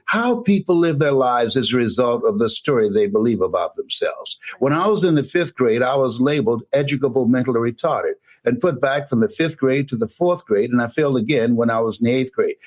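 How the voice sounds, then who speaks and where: An older man giving an energetic, preacher-like motivational talk, emphatic and whooping, recorded on a camera in a room. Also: on the high side. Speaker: motivational speaker.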